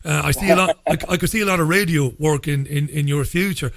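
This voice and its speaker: A man hosting a radio interview, speaking in a measured way and often repeating his first words. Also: fairly high pitch, gravelly, fairly bright tone, dry recording. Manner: measured, repeats words when starting a sentence. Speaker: radio show host.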